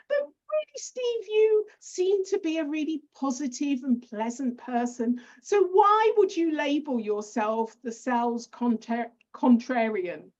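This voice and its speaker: A woman's voice: sits high, animated, unhurried, few pauses, a little mellow. British woman podcast host, lo-fi. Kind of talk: podcast interview. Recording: dull lo-fi audio.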